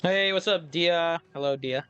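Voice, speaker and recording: A man's voice: a little high, unhurried, fairly bright tone, clean tone, no room sound, lo-fi sound, faint music behind. A man streaming a game, chatting casually and thinking aloud in a self-amused way. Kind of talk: casual live-stream commentary.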